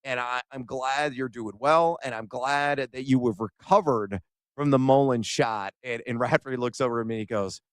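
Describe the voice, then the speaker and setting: Male radio co-host, animated storyteller, dry close mic, mid-range voice. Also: mid-range voice, moderate pace, clear, resonant tone, no echo. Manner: animated storyteller, acts out quoted exchanges. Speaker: sports radio co-host reporting from an event. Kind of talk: excited sports radio storytelling.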